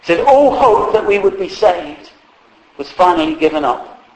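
A man's voice: high voice, lively intonation, measured pace. A man preaching a sermon in a humorous, conversational way, acting out quotes along the way. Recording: echoey hall.

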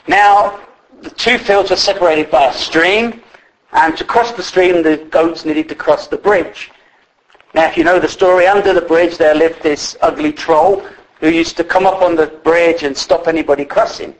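Guy preaching, chatty and loose, lots of uhs, voice a bit high. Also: fairly even intonation, normal speed, poor audio. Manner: conversational, with many fillers and restarts. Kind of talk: sermon.

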